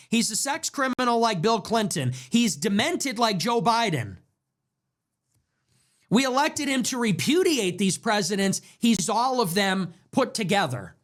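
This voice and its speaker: A young man hosting his own show, delivering an impassioned political commentary monologue full of rapid rhetorical questions. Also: very high-pitched, a bit bright. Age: young adult. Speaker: show host.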